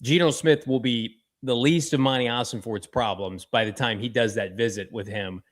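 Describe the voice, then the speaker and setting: A man co-hosting a sports talk show, joking and animated, with sudden jumps in pitch. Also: normal speed.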